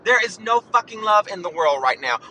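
A man's voice: high-pitched, lively intonation, normal speed, bright, forceful tone, a little hiss or hum, low-quality recording. A man in his thirties hosting a podcast, ranting in a profane, emphatic, sassy way and calling listeners honey. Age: 30s. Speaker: podcast host.

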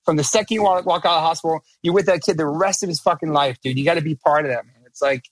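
A man's voice: fairly high pitch, rapid-fire, no room sound. A middle-aged man talking as a podcast guest in casual chat, emphatic, profane and rambling, restarting his sentences.

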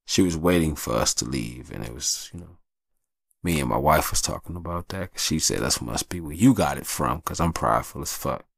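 The voice is a man's, extremely low-pitched and husky with vocal fry, moving briskly. He hosts a podcast and tells personal stories in a candid, profane, casual monologue, doing voices for the people in them. The recording is dry and studio quality.

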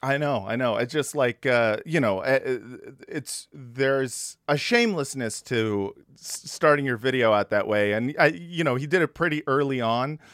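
A man's voice: mid-range voice, animated, moderate pace, few pauses, fairly bright tone, dry recording, studio quality. A man hosting a podcast in casual chat, hesitant and wry, with many fillers. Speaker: podcast host.

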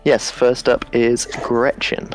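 A man's voice: medium pitch, level tone, slow pace, soft background music. A man narrating as game master on a video call, playful and fond of silly sound effects.

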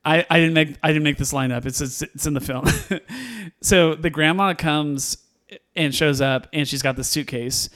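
On a podcast, a male co-host with a somewhat high voice chats casually through a movie review at a normal pace. He's animated, laughs a lot, and performs the characters' lines while retelling scenes.

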